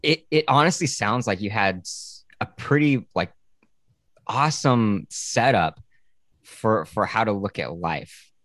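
A woman hosting a podcast interview, relaxed and blunt, swearing casually as she chats. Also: very deep voice, a little slow, dry recording, studio quality. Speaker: podcast host.

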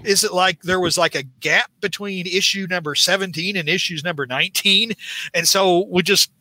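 A man's voice: sits high, normal speed, sharp tone, no room sound. A man hosting a casual podcast, recapping a comic book in a rambling, exasperated way, full of restarts. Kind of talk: casual chat.

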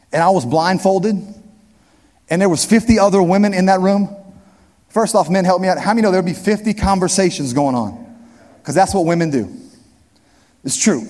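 High-voiced man preaching in a reverberant hall. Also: a little mellow. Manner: emphatic preaching, repeats key phrases, addresses the crowd directly. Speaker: pastor. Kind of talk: sermon.

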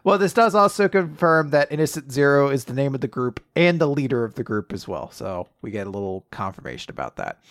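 A man co-hosting a casual chat, recapping a comic chapter and acting out the characters in quick voices. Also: medium pitch, no room sound, clean studio sound. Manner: animated retelling, acts out characters in quick voices. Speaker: podcast co-host.

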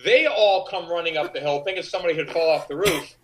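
A middle-aged man, an actor guest, telling animated anecdotes in an interview and acting out the voices of the people in them. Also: a little high, quick pace, slight background noise, rough recording. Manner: animated, acts out quoted voices. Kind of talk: anecdotal storytelling.

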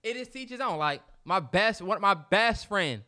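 A man's voice: high voice, animated, normal speed, pushed and bright. A man co-hosting a podcast, talking in a laid-back, slangy way and teasing his co-host. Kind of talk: casual chat.

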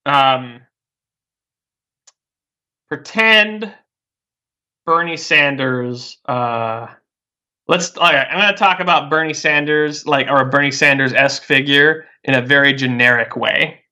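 A man's voice: medium pitch, slow pace, pauses often, bright, forceful tone. A man talking politics in a loose, rambling way, full of "like" and "uh", often restarting his sentences. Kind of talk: casual political chat.

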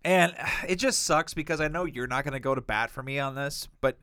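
A man's voice: mid-range voice, a little fast, pushed and bright, smooth, no room sound, clean studio sound. A young man co-hosting a podcast, rambling through profane stories in casual chat. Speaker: podcast co-host.

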